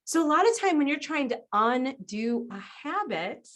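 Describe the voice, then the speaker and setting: A woman guest on a podcast interview, explaining ideas in an animated way, often laughing and acting out other people's voices. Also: high voice, normal speed. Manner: animated, acts out quoted voices. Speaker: guest business strategist.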